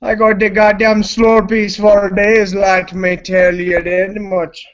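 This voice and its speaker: This high-pitched man speaks slowly in a completely flat delivery while hosting a live stream drunk. He rambles aimlessly and swears all the time, heard through a computer mic in lo-fi stream audio.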